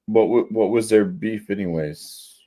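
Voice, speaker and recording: A man's voice: on the low side, measured pace, warm tone. A man chatting casually on a beer review show, joking and restarting his words as he goes. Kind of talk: casual chat.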